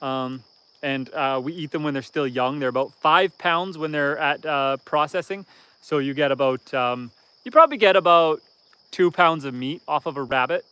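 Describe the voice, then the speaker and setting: Laid-back Canadian man, slightly higher voice, for a casual outdoor homestead livestream host. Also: normal speed, bright, forceful tone, clear, resonant tone. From northern Canada. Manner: easygoing and rambling, reads viewer comments aloud.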